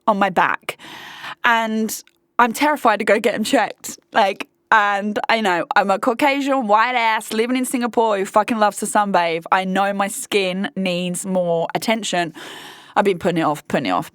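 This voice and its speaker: A woman's voice: medium pitch, a bit bright, no echo, studio quality. A woman hosting a casual monologue podcast, blunt and sweary, talking straight to her listeners. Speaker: podcast host.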